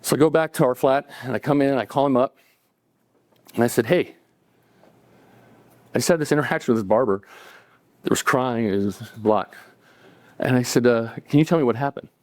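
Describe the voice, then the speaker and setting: Before a live audience, a middle-aged man relates a personal anecdote conversationally, with chuckles and performed quotes. His mid-range voice moves fairly quickly but pauses often, and there's no echo.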